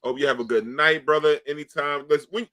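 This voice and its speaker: A man's voice: a little high, fairly even intonation, brisk, fairly bright tone, no room sound. A man co-hosting, joking loosely in slangy casual banter. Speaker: podcast co-host.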